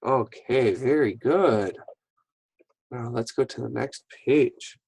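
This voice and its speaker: Guy teaching little kids phonics, super slow and patient, kinda husky, dry sound. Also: mid-range voice, darkish tone, no echo, poor audio. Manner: slow, patient reading of words one at a time. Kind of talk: phonics lesson for young children.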